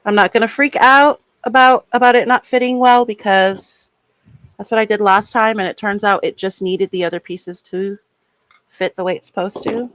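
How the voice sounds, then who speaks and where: A woman's voice: mid-range voice, fairly even intonation, moderate pace, a bit bright, dry recording, poor audio. A woman chatting casually as she builds a kit on her toy vlog, rambling and poking fun at herself. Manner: chatty, rambling and self-mocking. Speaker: toy unboxing vlogger.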